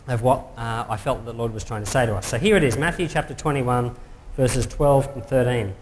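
A pastor giving a relaxed, conversational sermon, pausing often with fillers. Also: male voice, fairly high pitch. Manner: relaxed, conversational preaching with many pauses and fillers. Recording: reverberant hall with faint noise.

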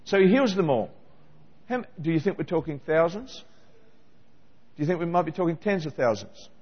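Male preacher, high voice, questions the congregation, dull roomy hall sound. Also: a little fast, breathy edge. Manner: animated, questioning the congregation directly. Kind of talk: sermon.

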